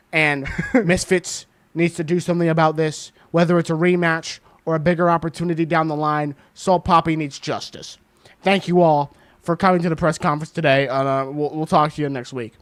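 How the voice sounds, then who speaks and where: Young male streamer, high bright voice, loud fight-reaction shouting, dry close sound. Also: fairly even intonation, normal speed, no room sound. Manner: shouting in disbelief, swearing.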